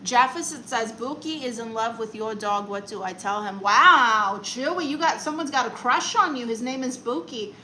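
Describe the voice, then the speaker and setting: Woman, comedic live stream host, chatty, playful, mock-serious, bright voice, reads viewer comments aloud. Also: on the high side, normal speed, hardly any pauses, slight background noise, poor audio.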